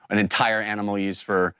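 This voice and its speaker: A man's voice: fairly low pitch, moderate pace, clean tone, no room sound. A man hosting and running a tabletop game, talking casually with laughs and many fillers. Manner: animated, laughing, full of fillers. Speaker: game master and host. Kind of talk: tabletop game show wrap-up.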